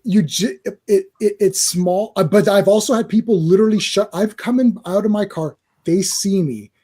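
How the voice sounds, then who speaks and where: Husky, animated man telling stories. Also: high-pitched, moderate pace. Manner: animated storyteller, stammering restarts, laughs often. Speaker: podcast host. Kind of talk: casual chat.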